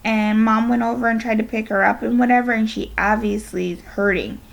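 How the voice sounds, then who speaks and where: Woman voicing a teenage girl, older sister, soothing, a bit impatient, raspy, storybook reading. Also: a little high, steady tone, brisk, muffled recording. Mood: upset. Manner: explaining, soothing, a little impatient.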